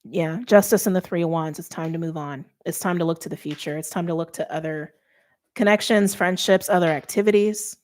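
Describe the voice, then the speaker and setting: A woman's voice: on the low side, a little fast, darkish tone. A middle-aged woman giving a casual tarot reading, chatty and thinking aloud with many fillers. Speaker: tarot reader.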